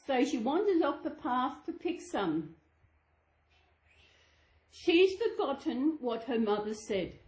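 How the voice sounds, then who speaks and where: A woman's voice: high-pitched, very animated, slow, long pauses, darkish tone. A woman channel host reading a children's storybook aloud to her dolls, sing-song with chatty asides. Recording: echoey room.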